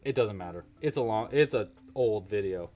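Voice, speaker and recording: Casual male livestream host, joking and thinking out loud, very animated melody. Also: lowish voice, normal speed, faint music behind. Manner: chatty, joking, thinks aloud while working. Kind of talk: casual live crochet-along chat.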